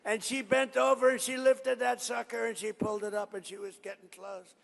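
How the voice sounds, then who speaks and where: A man delivers a rally speech in a fairly high, gravelly voice. He drifts into long stories and boastful asides, hammering his points home by repeating them. His voice rings out with the long reverb of a large hall. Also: little pitch movement, fairly quick, fairly bright tone. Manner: rambling storytelling with boastful asides; repetitive, emphatic phrasing. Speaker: politician addressing a rally. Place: large event venue.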